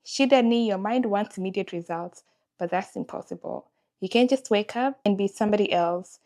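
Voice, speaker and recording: A woman's voice: mid-range voice, normal speed, dark tone. A young woman, talking candidly and emotionally in a confessional vlog. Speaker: vlogger.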